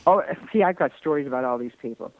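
A man's voice: medium pitch, expressive, fast talker, no room sound, narrow, tinny audio. An older man from Detroit telling long, rambling anecdotes as a podcast guest, breaking into laughter now and then. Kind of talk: podcast conversation, storytelling.

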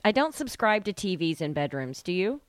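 A woman co-hosting a podcast in casual chat, drowsy and dry-witted, with a low morning voice. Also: very animated, moderate pace, no room sound. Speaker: podcast co-host.

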